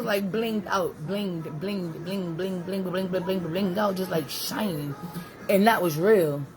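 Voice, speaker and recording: Woman, casual home live-streamer, rambling chatty delivery, mid pitch, noisy audio. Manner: chatty, rambling, talks to viewers and a small child.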